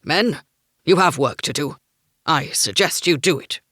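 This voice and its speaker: A woman voicing a gruff male sergeant who barks curt orders. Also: low voice, lively intonation, measured pace, fairly bright tone, no room sound, studio quality, full character voice. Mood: stern. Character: gruff stern male sergeant, duty-bound.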